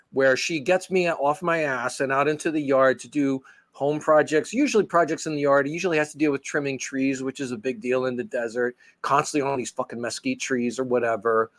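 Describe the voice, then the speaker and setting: A man co-hosting a casual podcast, telling stories animatedly and swearing freely. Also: mid-range voice. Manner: animated storyteller, acts out dialogue, swears freely. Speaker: podcast co-host.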